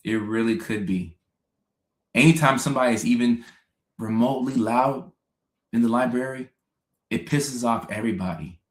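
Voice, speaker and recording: A man's voice: mid-range voice, normal speed, long pauses. A young adult man hosting a casual livestream. He reads viewer comments, laughs often and repeats phrases. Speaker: host. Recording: roomy echo.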